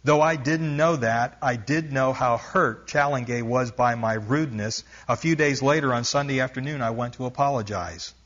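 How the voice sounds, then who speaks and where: A man's voice: mid-range voice, moderate pace, few pauses, a bit bright, muffled recording. A male preacher reading a missionary story aloud during a sermon, building intensity and stopping now and then to explain. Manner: reads aloud with rising intensity, stops to explain asides.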